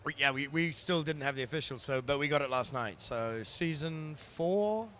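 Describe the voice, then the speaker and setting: A man from New Zealand with a New Zealand accent, an actor chatting playfully in a live interview, joking and often pausing with fillers. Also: fairly high pitch, sharp tone, slight background noise. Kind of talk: casual chat at a live event.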